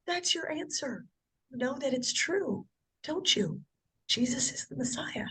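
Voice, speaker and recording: A gentle young female missionary, as a woman puts her on in a story, speaking much higher and softer than the storyteller. Her delivery is hushed and coaxing, dropping almost to a whisper. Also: animated, normal speed.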